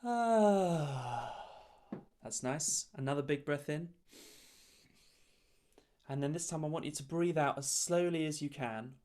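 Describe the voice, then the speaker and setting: A man leading a choir's breathing warm-up over a video call, giving calm, encouraging step-by-step instructions. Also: on the high side, moderate pace, pauses often. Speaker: choir leader.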